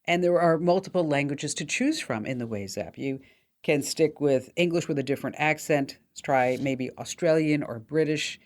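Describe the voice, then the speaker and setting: A woman's voice: low voice, normal speed, a little mellow. A woman hosting a tech call-in radio show, talking in a chatty, upbeat way with plenty of fillers. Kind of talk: casual call-in radio talk.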